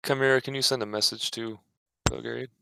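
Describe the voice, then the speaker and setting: A man playing a tabletop game in casual chat, questioning and quick to argue a point. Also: mid-range voice, fairly even intonation, gravelly, bright, forceful tone, low-quality recording. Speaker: player.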